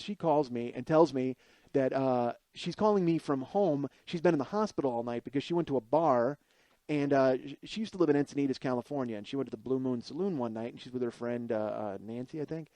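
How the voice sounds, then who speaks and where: A man's voice: medium pitch, a little fast, dark tone, no echo. A man in his forties, a podcast host, telling a comic personal story in a profane, rambling, self-deprecating monologue. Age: 40s.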